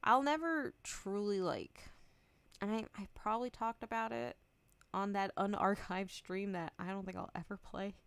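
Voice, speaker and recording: A young woman streamer talks candidly and swears freely, laughing as she acts out both sides of old conversations. Her voice is smooth and resonant. It sounds close and dry, with no room around it. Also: mid-range voice, normal speed, dry recording. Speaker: VTuber streamer. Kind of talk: casual chat stream.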